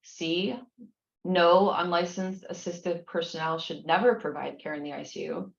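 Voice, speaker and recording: A woman's voice: lowish voice, steady tone, moderate pace, creaky, roomy sound, muffled recording. A woman explaining nursing exam questions, reading each one aloud and then walking through the answers patiently, with frequent restarts.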